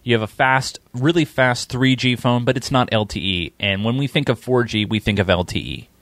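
A man hosting a casual tech podcast, animated and opinionated, pressing his co-host for answers. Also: mid-range voice, normal speed, dry recording.

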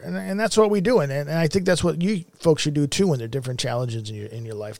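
Gravelly, blunt-talking male host. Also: fairly high pitch, fast, hardly any pauses, a little mellow, no echo. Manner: blunt and profane, heated. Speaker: show host. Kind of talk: ranting commentary.

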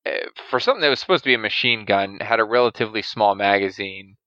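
A man's voice: on the low side, quick pace, bright, forceful tone, dry recording, lo-fi sound. A man co-hosting a podcast, enthusiastically talking through film scenes and explaining military weapons and terms. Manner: explanatory, gun-knowledgeable, enthusiastic. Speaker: podcast co-host. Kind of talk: casual movie discussion.

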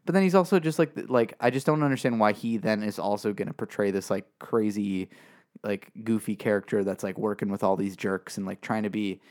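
Talking at a fairly quick clip, this man co-hosts a podcast, his fairly low, somewhat mellow voice wandering through casual talk packed with fillers and false starts.

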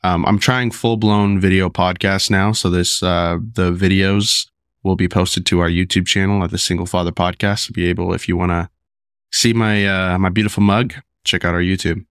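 A deep-voiced man hosting his podcast while sick, his voice rough. He rambles casually with many ums and restarts. The sound is dry and close. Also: fairly even intonation, moderate pace, a bit bright, no echo. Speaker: podcast host. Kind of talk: casual solo podcast talk.

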